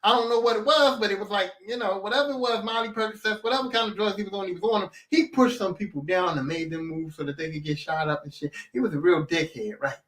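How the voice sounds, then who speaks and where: A man's voice: sits high, fast talker, few pauses, a bit bright. A man hosting a podcast, recapping a show in casual chat, acting out characters' lines with heavy swearing. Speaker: podcast host.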